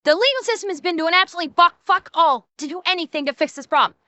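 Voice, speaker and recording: A woman's voice: very high-pitched, expressive, racing, bright, forceful tone, dry recording. A woman streamer ranting and swearing while reacting, stammering and repeating herself. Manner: profane, stammering, heated ranting.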